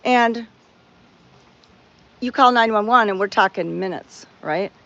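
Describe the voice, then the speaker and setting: A woman's voice: medium pitch, takes it slowly, vocal fry, a bit bright, highs cut off. A woman chatting to her viewers outdoors at a cat sanctuary, telling a rambling story with frequent restarts.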